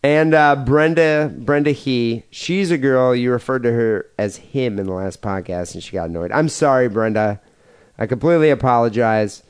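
A man's voice: medium pitch, moderate pace, smooth. A man co-hosting a podcast, reading listener emails aloud in a loose, joking way after a few beers. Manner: animated, laughing, drinking beer.

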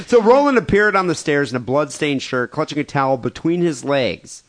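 Guy cohosting a raunchy podcast, lively up-and-down voice, slightly high, laughs a lot. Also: moderate pace, few pauses, faint music behind. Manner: laughs often, animated storytelling. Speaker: podcast co-host. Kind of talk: crude comedic chat, reading listener stories.

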